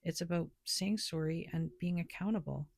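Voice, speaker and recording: A woman's voice: lowish voice, moderate pace, gravelly, a little mellow, no echo, clean studio sound. A woman who reads tarot and oracle cards, talking loosely and rambling with lots of filler words in a casual spiritual vlog. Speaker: tarot and oracle card reader.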